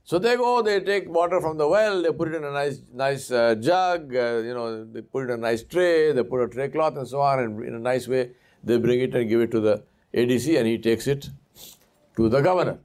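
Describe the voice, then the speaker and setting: A man preaching, telling a story with lively delivery and putting on voices for the characters. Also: medium pitch, a little fast. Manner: animated storyteller who acts out voices. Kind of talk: sermon storytelling.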